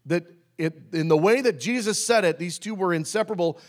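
A pastor preaching a sermon in a conversational way, slowing down to stress key phrases. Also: male voice, high-pitched. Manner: conversational, with restarts and emphatic slowed phrases.

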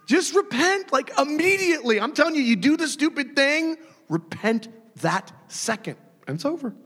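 A man preaching a sermon in a lively, conversational way, often acting out quoted voices with sudden shouts. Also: very high-pitched, normal speed, long reverb tail. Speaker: pastor.

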